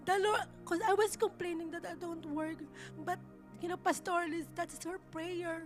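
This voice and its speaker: Woman minister, very high and bright tone, halting heartfelt sermon delivery. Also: fairly even intonation, soft background music. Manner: halting, repeats and restarts words; earnest, emotional. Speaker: church minister. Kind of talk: testimony sermon.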